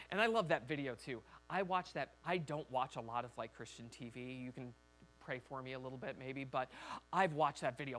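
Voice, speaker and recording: A man's voice: on the high side, fairly bright tone. A man preaching a sermon as a pastor in a church, talking conversationally and acting out quoted voices.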